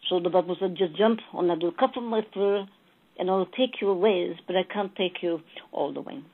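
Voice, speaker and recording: A woman channeling a spiritual message, telling a fable slowly and calling her listeners beloved souls. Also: on the low side. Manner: slow, storytelling, addressing listeners as beloved souls. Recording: tinny phone-like audio.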